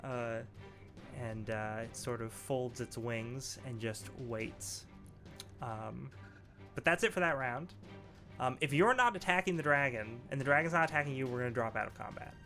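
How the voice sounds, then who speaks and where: A man narrating a tabletop game as game master, relaxed and laughing, with many fillers. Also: mid-range voice, normal speed. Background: faint background music.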